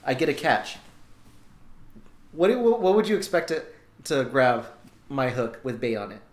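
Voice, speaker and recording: A man's voice: medium pitch, sing-song, measured pace. A young man telling a story in casual chat, swearing and laughing as he goes. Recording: echoey room.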